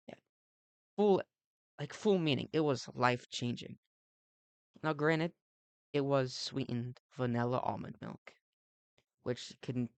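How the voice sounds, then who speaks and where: A young man with a gravelly, fry-heavy voice rambles through an ironic, sweary comedic monologue over gameplay, piling up fillers and tangents. The recording is dry and close, with no room around it. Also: medium pitch, no room sound. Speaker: let's play host.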